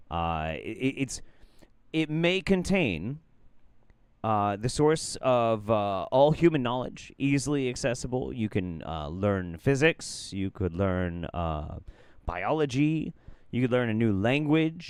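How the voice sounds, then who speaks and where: A sarcastic man reacts to a clip, exasperated and swearing freely. His pitch swings widely and he talks at an unhurried pace. The voice is smooth and clear in a dry, close recording. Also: very animated, dry recording. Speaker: commentary streamer. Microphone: studio mic.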